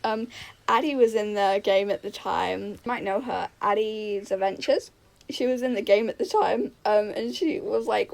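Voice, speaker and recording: A woman's voice: mid-range voice, moderate pace, creaky, a little mellow, rough recording. A young woman telling gaming stories in a chatty, giggly way, full of "like" and "um". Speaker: gaming YouTuber. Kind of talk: casual storytelling over gameplay.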